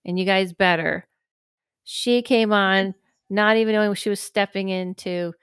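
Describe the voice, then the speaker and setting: A woman hosting a podcast in casual chat, rambling with lots of fillers and lively acted-out quotes. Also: mid-range voice, normal speed, clean tone, no room sound, studio quality. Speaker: podcast host.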